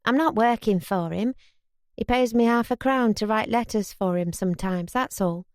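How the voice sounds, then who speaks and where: A woman's voice: on the high side, moderate pace, dry recording, studio quality, natural voice. A woman voicing an earnest young city woman who pleads her case.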